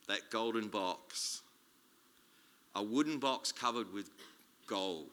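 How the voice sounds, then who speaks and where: Man, guest preacher, bright tone, conversational animated sermon. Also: lowish voice, very slow, long pauses. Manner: animated, conversational, jokey preaching with many restarts.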